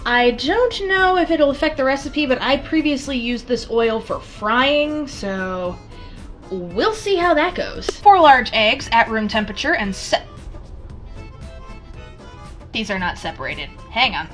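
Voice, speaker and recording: A young woman vlogging casually from her home kitchen as she bakes. She chats, swears freely and breaks into loud exclamations. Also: a little high, sing-song, measured pace. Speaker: baking vlogger. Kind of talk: casual baking vlog. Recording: distant mic, background music.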